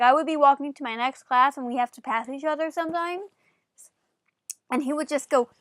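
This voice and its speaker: Vlogger woman, high bright voice, animated chatty storytelling, dry close sound. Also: no echo. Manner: animated, chatty, many "like" fillers. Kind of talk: casual storytelling to camera.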